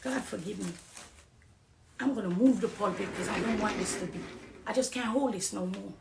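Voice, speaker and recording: A woman with a Jamaican accent gives an impassioned testimony, pleading one moment and loud and emphatic the next. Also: medium pitch, moderate pace, creaky, echoey room, slight background noise.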